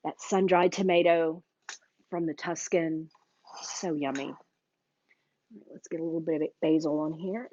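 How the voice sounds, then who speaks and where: A woman's voice: low-pitched, fairly even intonation, normal speed, long pauses, darkish tone, no room sound. A woman hosting a live cooking demo, chatty and gushing as she talks straight to her viewers. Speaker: cooking class host. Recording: dull, dry live-stream audio.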